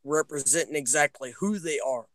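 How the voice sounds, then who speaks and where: A man's voice: fairly high pitch, brisk, a crowd in the background. A man in a casual political chat, urging his listeners earnestly and often restarting his sentences. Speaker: guest.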